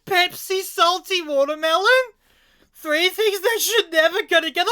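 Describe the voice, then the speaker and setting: A woman's voice: very high-pitched, unhurried, sharp tone, dry recording, studio quality. A woman reacting in casual commentary to strange sodas, incredulous and swearing, often stammering in disbelief. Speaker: vlogger reacting to odd sodas.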